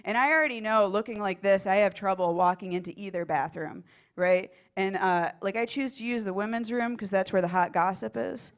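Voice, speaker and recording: A woman's voice: medium pitch, fairly quick. A stand-up comedian on a club stage, talking in a rambling, self-deprecating way and laughing at her own jokes. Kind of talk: stand-up set.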